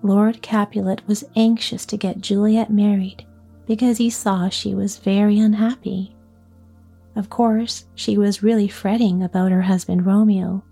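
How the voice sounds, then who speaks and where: A woman reading a storybook tale aloud in a soft, often whispery voice. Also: medium pitch, vocal fry, husky. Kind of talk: scripted storybook narration.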